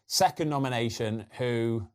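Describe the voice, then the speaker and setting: A man with a slight lisp hosting a football podcast, chatting in a lively way full of quick asides. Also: medium pitch. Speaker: podcast host. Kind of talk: casual football chat.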